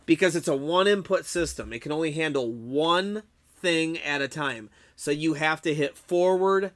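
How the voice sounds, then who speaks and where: A young man streaming, chatting casually with his viewers, excitable, swearing a lot and laughing often. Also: fairly high pitch. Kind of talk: casual live-stream chat about a game.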